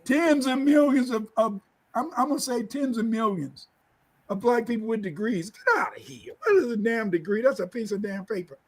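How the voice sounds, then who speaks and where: Emphatic high-voiced man ranting. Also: moderate pace, darkish tone, poor audio. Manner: emphatic, rambling, repeats himself. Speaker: co-host. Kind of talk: casual opinionated talk.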